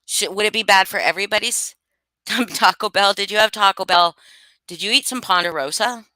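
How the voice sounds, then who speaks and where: A woman's voice: medium pitch, moderate pace, sharp tone, no room sound. A woman hosting a casual live stream, reading chat aloud and chatting loosely with some swearing. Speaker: streamer host.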